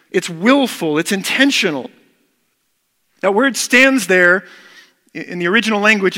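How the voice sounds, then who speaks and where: A man's voice: high voice, sharp tone, in a large hall. A man preaching a sermon as pastor, earnest and emphatic, repeating key words.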